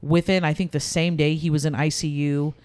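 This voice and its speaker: A woman's voice: low voice, level tone, a little fast, a little mellow. A woman in her thirties, a podcast guest, telling a personal story candidly in casual conversation, with many fillers. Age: 30s.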